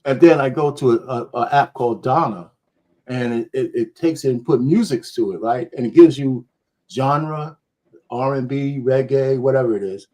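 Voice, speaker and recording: An easygoing man chatting with a panel over a remote call. He rambles, restarts his sentences and laughs easily, in an even, middle-pitched voice. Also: moderate pace. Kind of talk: casual panel chat.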